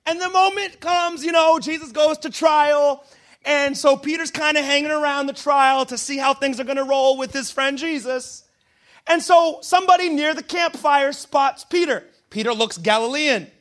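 A man with an unusually high voice preaches a sermon, retelling a story in loose, slangy everyday talk. He narrates with a relaxed, conversational manner. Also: normal speed. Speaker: pastor.

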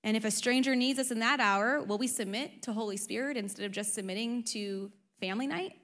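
A young adult woman pastor preaching a sermon, conversational and animated, with frequent rhetorical questions. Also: a little high, brisk. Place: church auditorium. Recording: long reverb of a large hall.

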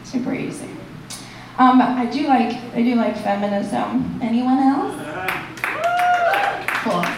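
A woman performing a stand-up comedy set and hosting the show, animated and shouting her punchlines in high bursts. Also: takes it slowly, distant mic, very noisy. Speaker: stand-up comic and festival host. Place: comedy club stage. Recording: echoey room picked up from afar.

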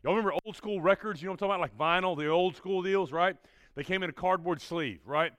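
A man with a fairly high voice and a drawl tells a story to young listeners as their preacher. He talks with bouncing energy and keeps asking "all right?" as he goes. The sound is dry and close, with no room echo. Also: fast talker, fairly bright tone, smooth. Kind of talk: storytelling talk to a youth group.

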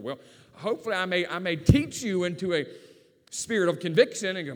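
A man's voice: sits high, expressive, fast. A man with a rural Virginia accent, preaching a sermon in a folksy, storytelling way. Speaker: pastor. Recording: long hall reverb.

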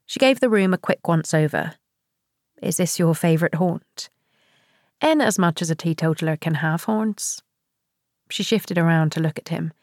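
A woman reads a novel aloud in a measured, steady way, giving the characters light touches of their own. Her voice sits low, and the recording is dry and close with no room around it. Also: no echo. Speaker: audiobook narrator. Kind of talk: scripted audiobook narration.

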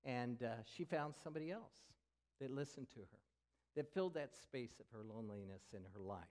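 A man's voice: medium pitch, lively intonation, a little fast, a little mellow. An older man, a pastor, preaching a sermon as he tells a candid story from his own life, now and then dropping to a whisper.

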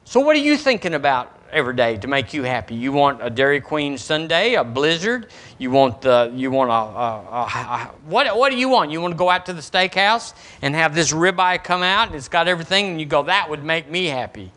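Animated pastor preaching. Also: male voice, a little high, brisk, hardly any pauses. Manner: animated, emphatic, reads scripture with lively asides. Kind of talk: sermon.

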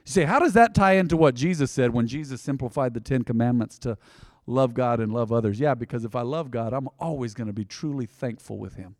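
A middle-aged male pastor giving a conversational sermon, dropping to a near hush and then surging loud. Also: medium pitch, fairly quick, no echo, clean studio sound.

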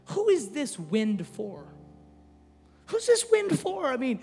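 A man preaching a casual, jokey sermon as a pastor, swinging from shouted peaks to soft, hushed asides. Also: very high voice, slow, vocal fry, long pauses, husky. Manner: animated, jokey, uses casual filler. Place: church hall. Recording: long hall reverb, faint music.

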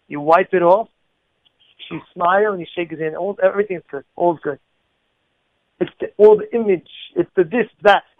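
A man's voice: high-pitched, no room sound. A man giving an informal moral lesson, repeating himself and asking rhetorical questions. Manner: repetitive, rhetorical questions, acts out quoted people. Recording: tinny phone-like dry recording.

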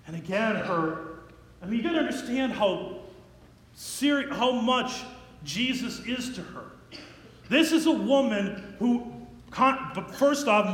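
A man's voice: extremely high pitch, a bit bright. A man preaching a sermon, retelling a scripture story in a conversational, dramatic way with asides to the listeners. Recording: echoey hall.

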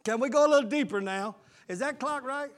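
A male pastor with a very high voice for a man delivers a sermon. He preaches with fervor, calls out questions to the congregation and bursts into shouts. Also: brisk. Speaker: lead pastor.

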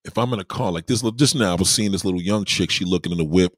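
A man's voice: low voice, fast talker, no echo, studio quality. A man giving dating advice in a casual, profane monologue full of street slang. He keeps checking in with the listener. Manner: keeps asking "you know what I mean".

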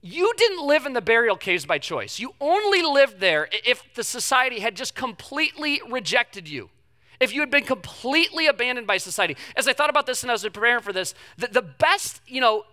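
A man's voice: very high-pitched, big pitch swings, brisk, pushed and bright. A man in his thirties preaching a sermon in an emphatic, conversational way, often repeating phrases for effect. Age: 30s. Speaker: pastor.

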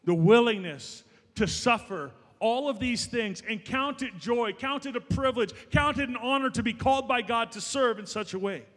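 A man's voice: very high-pitched, normal speed, fairly bright tone, big-room sound. A man preaching a sermon as pastor, emphatic and building to raised, passionate delivery.

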